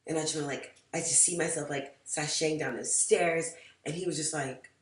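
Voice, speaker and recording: Animated, foul-mouthed woman telling a story. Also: moderate pace, distant mic. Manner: animated and profane, swinging between loud outbursts and low, soft asides. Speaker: vlogger telling a personal story. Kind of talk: casual storytime monologue. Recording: roomy echo.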